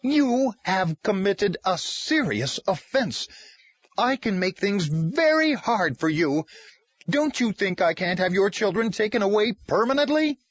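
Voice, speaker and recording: A man's voice: high-pitched, very animated, a little fast, hardly any pauses, no echo, pitched above the performer's own voice. A man doing an outraged woman official. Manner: indignant, trembling with rage. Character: angry controlling middle-aged woman official. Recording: dry, slightly muffled lo-fi.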